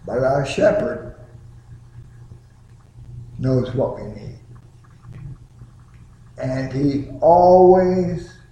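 A middle-aged male pastor preaching a sermon with slow, deliberate, drawn-out words in a church sanctuary. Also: mid-range voice, warm tone. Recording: echoey church room.

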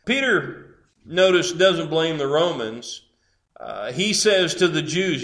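A man's voice: on the high side, sing-song, slow pace, a bit bright, reverberant. A man preaching a sermon, building emphasis through repeated phrases.

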